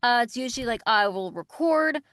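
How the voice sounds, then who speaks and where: A young woman in casual interview chat, talking with lively energy and frequent laughs. Her voice sits fairly high, and the sound is dry and close with no room around it. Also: a little fast, no echo. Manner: lively, laughing, reads aloud from notes. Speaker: voice actress guest.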